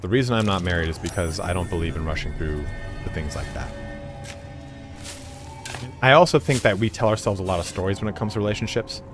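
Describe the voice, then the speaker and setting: A man streaming a video game, chatting casually in a rambling, frank and profane way, full of fillers. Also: low-pitched. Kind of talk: casual chat while playing.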